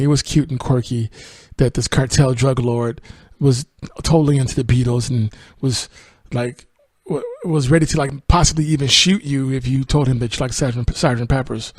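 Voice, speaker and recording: A male podcast host with a medium-pitched, darkish voice casually retells and reviews a film, rambling along with fillers and laughs. The sound is studio quality with no echo.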